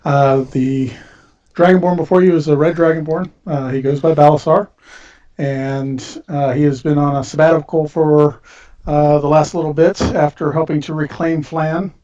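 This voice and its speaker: A man describing his tabletop game character slowly and haltingly with fillers, heard on a distant, muffled mic. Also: on the high side, fairly even intonation, mellow. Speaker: player.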